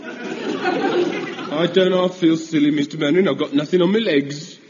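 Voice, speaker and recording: Whiny lad, very sing-song, mellow tone, muffled broadcast. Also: male voice, fairly high pitch, wildly swooping pitch, a little slow, a faint crowd. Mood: whining. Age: young adult. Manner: whining, stammering, childish. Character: whiny, timid young soldier, mollycoddled. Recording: muffled old broadcast with faint hiss.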